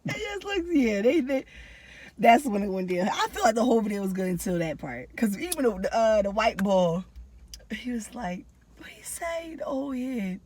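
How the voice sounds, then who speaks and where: A woman's voice: on the high side, sing-song, normal speed, a little mellow. A woman co-hosting a podcast in laid-back casual chat, sick with a cold. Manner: laid-back, laughing banter. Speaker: podcast co-host. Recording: noisy background.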